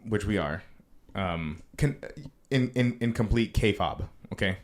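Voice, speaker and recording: A man's voice: lowish voice, lively intonation, a little slow. A man co-hosting a podcast in casual chat, enthusiastic and joking, swearing casually. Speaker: podcast co-host.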